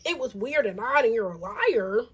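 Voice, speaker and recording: A young woman with a high voice, recounting a story to her channel in a casual storytime. She talks in an animated, exasperated way, leaning on "like" and "you know what I'm saying.". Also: moderate pace, slightly rough. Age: young adult. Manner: animated and exasperated, heavy use of "like". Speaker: vlogger.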